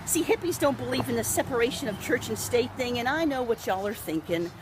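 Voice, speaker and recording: A woman's voice: a little high, lively intonation, moderate pace, noisy background. A woman, chatting in a rambling, improvised monologue and laughing often. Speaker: local video host.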